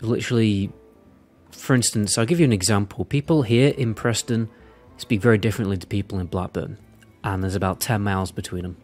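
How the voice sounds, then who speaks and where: Casual video host, male, South Cumbrian accent, fairly low, rambling and self-deprecating. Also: fairly quick, darkish tone, soft background music. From Windermere, northern England. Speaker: video creator.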